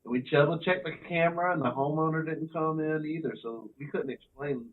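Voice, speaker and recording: A man's voice: a little high, a little fast. Man on a tinny, noisy phone line. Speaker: paranormal investigator guest. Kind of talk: casual podcast chat.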